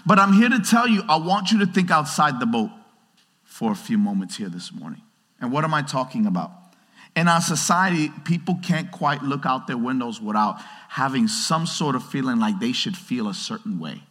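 A man preaching a sermon in a conversational, animated way, talking straight to the congregation and acting out quotes. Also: medium pitch, moderate pace. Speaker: pastor. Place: large church hall. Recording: reverberant church hall.

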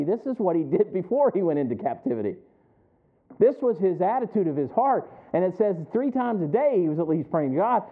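Middle-aged guy preaching, kinda high voice, chatty, chuckles a lot, asks the church to answer back, tinny phone-like audio. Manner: conversational, chuckling, asks the congregation for responses. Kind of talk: sermon.

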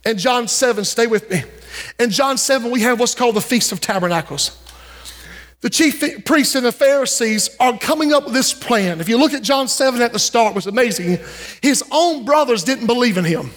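A preacher with a strikingly high voice delivers a fervent sermon, calling out to his listeners and building momentum. His voice rings through a church with a long, lingering reverb. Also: fairly bright tone. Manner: fervent preaching with call-outs to the congregation. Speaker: pastor. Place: church sanctuary.

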